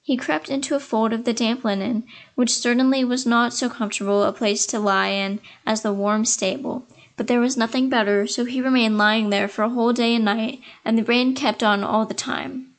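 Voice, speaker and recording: Woman narrating a fairy tale, voice a little high. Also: steady tone, normal speed. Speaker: storyteller.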